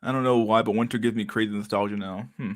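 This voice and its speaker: A man's voice: fairly low pitch, fairly even intonation, quick pace. A man hosting a livestream, chatting casually with viewers in a rambling, profane way, laughing often with mock outrage. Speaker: livestream host. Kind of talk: casual chat with live viewers.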